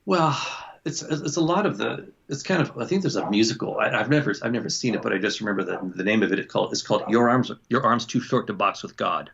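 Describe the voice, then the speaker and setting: A man talks through a dull, lo-fi video call in a gravelly, slightly husky low voice. He rambles, doubles back on his words and laughs often. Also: fairly bright tone. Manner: rambling, self-interrupting, quick laughs. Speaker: book club guest. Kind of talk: casual chat.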